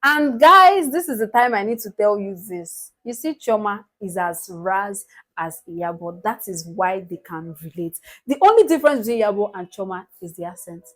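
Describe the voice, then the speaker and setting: A Nigerian woman recapping a reality show in casual, animated gossip, laughing often. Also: mid-range voice, moderate pace. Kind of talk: casual chat.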